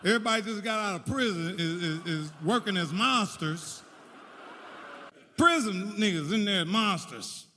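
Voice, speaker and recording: A male stand-up comedian with a high, sharp, bright voice, telling stories excitably and acting out characters. The recording carries a long hall reverb and faint background hiss. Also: a little slow. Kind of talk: stand-up storytelling. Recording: echoey hall with faint noise.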